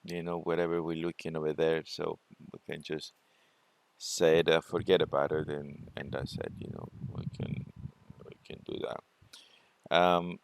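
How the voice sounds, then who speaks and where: A man presenting a forex trading walkthrough, talking it through unhurriedly with many fillers and pauses. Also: extremely low pitch, level tone, vocal fry, smooth. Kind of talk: screen-share trading walkthrough.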